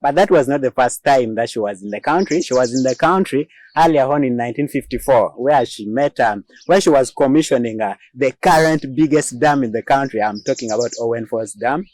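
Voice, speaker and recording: A man's voice: mid-range voice, brisk, hardly any pauses, a little mellow. Joking Ugandan man hosting a show. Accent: Ugandan English. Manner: chatty and joking, laughs often, many fillers. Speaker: host. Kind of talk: casual news commentary show.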